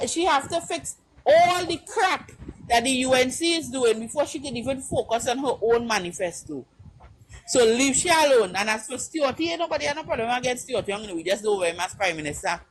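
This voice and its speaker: A woman's voice: sits high, slight background noise, low-quality recording. A woman with a Trinidadian accent, speaking as a caller on a live-stream panel. She talks in an impassioned, emphatic way, repeats her points and keeps asking whether you understand.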